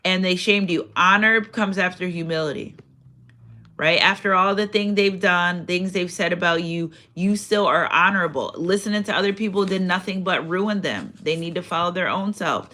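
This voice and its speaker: A woman's voice: on the low side, moderate pace, pushed and bright. A woman giving a casual spiritual card reading, chatty and repetitive. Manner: chatty, repeats phrases, reads out affirmations. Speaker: tarot card reader.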